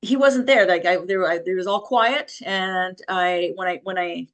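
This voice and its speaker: Her voice sits on the lower side and moves at a normal speed as this middle-aged interview guest recounts her life. The telling is emotional and vivid, full of quoted voices and punctuated by nervous laughs.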